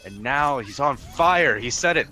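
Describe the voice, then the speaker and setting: A man giving fast live play-by-play commentary on an esports match in clipped phrases. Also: mid-range voice, expressive, bright, forceful tone. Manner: rapid play-by-play, clipped phrases, quick restarts.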